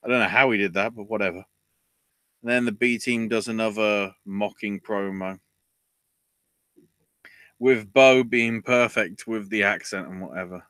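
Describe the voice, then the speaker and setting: A man with a low-pitched but bright, forceful voice hosts a casual podcast recap. He rants freely and swears, and his voice shoots up when he gets riled. It is recorded close and dry. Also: unhurried, long pauses, dry recording. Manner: ranting, swears, voice jumps high when riled. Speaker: podcast host.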